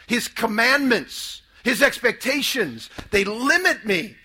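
A man's voice: very high-pitched, lively intonation, slow, pushed and bright, slightly rough. A man preaching a sermon to a live audience, emphatic and calling for responses.

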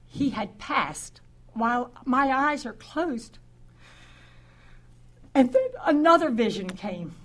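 An older woman telling a personal faith story in a halting way, often repeating words and restarting her sentences. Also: a little high, fairly bright tone. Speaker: speaker giving a personal testimony.

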